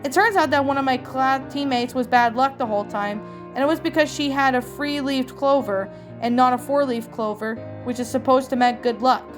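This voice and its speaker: A woman's voice: high-pitched, normal speed, over music, natural voice. A woman reading a sporty teen girl's apologetic lines in a fan story. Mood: remorseful. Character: Lynn, sporty teen girl, remorseful.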